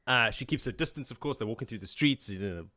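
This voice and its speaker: A man co-hosting a casual book-discussion podcast, retelling the plot in an animated way and slipping into quick character voices. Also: medium pitch. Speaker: podcast co-host.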